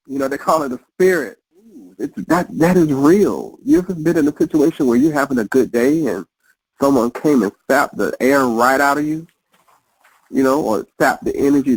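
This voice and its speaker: A man's voice: mid-range voice, normal speed, husky, rough recording. A man in casual conversation, reflective and repeating his phrases as he works through a thought. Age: adult. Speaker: podcast guest.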